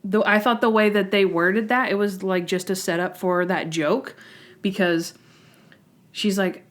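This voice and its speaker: A young woman talks casually as a podcast co-host. She is animated and breaks into quick acted-out quotes, often restarting her sentences mid-thought. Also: mid-range voice. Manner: animated, quotes people in voices, trailing restarts. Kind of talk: casual chat.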